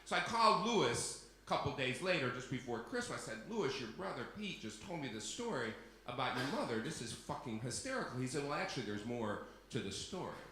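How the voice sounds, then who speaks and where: A man tells a funny, profane story from a stage and slips into the voices of the people in it. He laughs through his own punchlines in a mid-pitched voice. The room rings with heavy echo over a faint hum of ambience. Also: big pitch swings, fairly quick, hardly any pauses, pushed and bright. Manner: acts out the people he quotes. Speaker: solo stage performer. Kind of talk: comic storytelling monologue.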